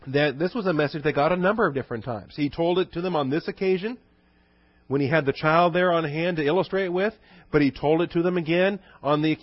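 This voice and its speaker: A pastor preaches an expository sermon, teaching his congregation conversationally with rhetorical questions and reading scripture quotes slowly and low. The recording is dull and dry.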